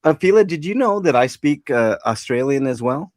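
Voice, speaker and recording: A man's voice: a little high, lively intonation, moderate pace, darkish tone, dry recording. A man hosting a casual live stream, joking around and laughing. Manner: goofy, laughing. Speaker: host. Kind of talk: casual chat.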